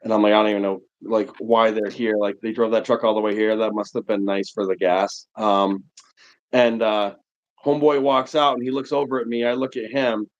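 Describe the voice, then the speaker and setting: A man's voice: on the low side, moderate pace. Man rambling through a story, muffled. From New England. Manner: rambling, animated anecdote telling with many fillers. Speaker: livestream host. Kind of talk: casual storytelling chat. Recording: muffled lo-fi stream audio.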